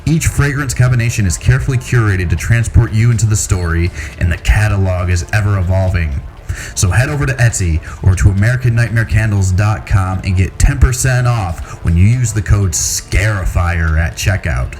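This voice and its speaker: A man, a podcast host, reading a sponsor advertisement in a brisk, scripted way. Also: on the low side, darkish tone, faint music behind. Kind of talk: read advertisement.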